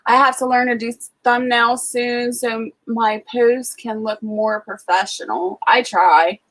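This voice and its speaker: A woman's voice: on the high side, steady tone, slow, fairly bright tone, poor audio. A woman with an Ohio accent hosting a casual livestream, rambling about her day with lots of fillers and greeting viewers by name. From Ohio, USA. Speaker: homesteading livestream host.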